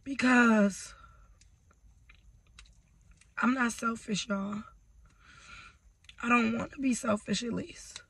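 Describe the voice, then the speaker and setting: A woman vlogger talking through tears in an emotional personal vlog. She speaks haltingly, breaks off mid-sentence and drops to near-whispers. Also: a little high, fairly even intonation, fairly bright tone, slightly rough, dry recording. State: tearful.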